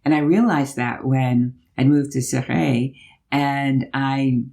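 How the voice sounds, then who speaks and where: A middle-aged woman vlogger telling a personal story in a chatty, animated way while driving on a road trip. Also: rumbling low, takes it slowly, vocal fry.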